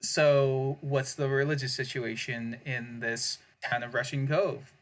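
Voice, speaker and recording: A man's voice: mid-range voice, fairly even intonation, a little slow. A man co-hosting a tabletop gaming podcast, rambling casually through setting ideas, often repeating himself and laughing. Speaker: podcast co-host. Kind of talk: casual worldbuilding chat.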